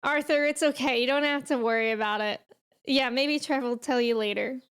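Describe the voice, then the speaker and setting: A woman's voice: sits high, normal speed, a bit bright, clear, resonant tone. A young woman from New England, a streamer casually chatting and reminiscing while reading and answering her live chat.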